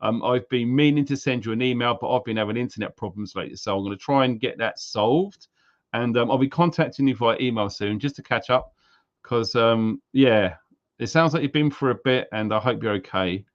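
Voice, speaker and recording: A man's voice: mid-range voice, brisk, highs cut off. A British man hosting a live stream in a casual, chatty way, greeting viewers one by one. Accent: British English. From England. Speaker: livestream host.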